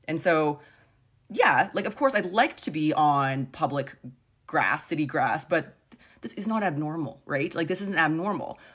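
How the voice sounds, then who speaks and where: Vlogger, woman in her thirties, low-pitched, casual rambling storyteller, lots of fillers. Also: a little slow, husky. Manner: chatty, animated retelling with many "like"s.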